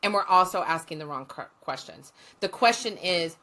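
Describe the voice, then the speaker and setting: A woman's voice: fairly low pitch, expressive, moderate pace, a bit bright. A woman guest, a former social work teacher, telling stories in a blunt, profane and passionate way. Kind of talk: storytelling in conversation.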